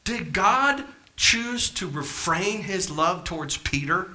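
Impassioned preacher man, lively and bright. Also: takes it slowly. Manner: impassioned, rising to near-shouts then dropping low; rhetorical questions to the congregation. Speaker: pastor. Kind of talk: sermon.

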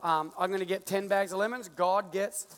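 High-voiced Australian pastor in a hall. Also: male voice, moderate pace. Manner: playful, joking, animated with the crowd. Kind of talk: lively sermon with stage illustration. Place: large church auditorium.

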